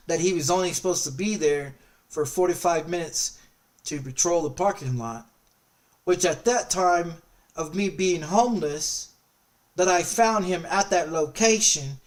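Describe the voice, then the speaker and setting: A man's voice: a little high, measured pace, recorded from a distance. Angry, cursing man telling a story. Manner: angry, profane, heavily repetitive. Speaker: streamer. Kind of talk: casual storytelling chat.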